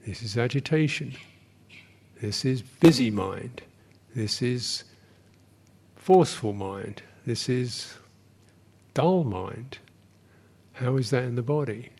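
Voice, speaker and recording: A man giving a meditation retreat dharma talk as a Buddhist teacher, speaking in slow, halting phrases with many pauses and sometimes dropping to a soft whisper. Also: mid-range voice, vocal fry, breathy edge.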